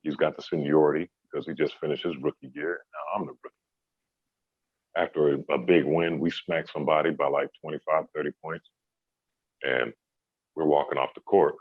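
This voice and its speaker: Deep husky guy telling an old hoops story, easygoing, sounds like a phone call. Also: brisk, no echo. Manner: relaxed, laid-back, many "you know"s. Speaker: former basketball player telling a story. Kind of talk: casual storytelling in an interview.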